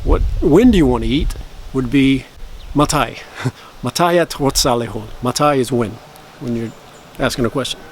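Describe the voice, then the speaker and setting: A man's voice: medium pitch, a little hiss or hum. Man, casual vlogger, rambling self-correcting explanations, mid-range voice. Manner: slow careful practice of phrases. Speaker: language-learning vlogger. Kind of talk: casual talk to camera.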